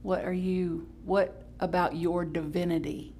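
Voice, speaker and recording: Woman pastor delivering a casual, animated Sunday sermon; playful and conversational with a faint hum behind her. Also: a little slow. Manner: animated and playful, with sudden high exclamations; chatty, with restarts and self-correction. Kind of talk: live-streamed Sunday sermon.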